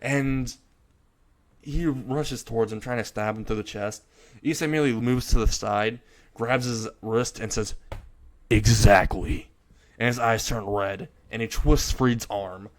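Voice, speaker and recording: A man's voice: medium pitch, measured pace. Man casually retelling a fan story. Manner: rambling, chuckling narration.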